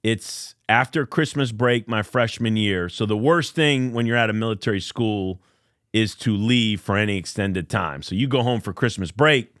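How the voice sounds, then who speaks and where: A man's voice: on the low side, normal speed, fairly bright tone, no room sound, studio quality. Earnest storytelling man in his fifties. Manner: earnest, emotional storyteller who acts out quotes. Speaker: college baseball coach, guest. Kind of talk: podcast interview storytelling.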